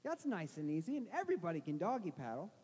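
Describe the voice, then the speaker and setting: A middle-aged man, a pastor, telling a self-mocking story in a sermon with animated restarts. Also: high-pitched, fast talker, husky. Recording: long hall reverb.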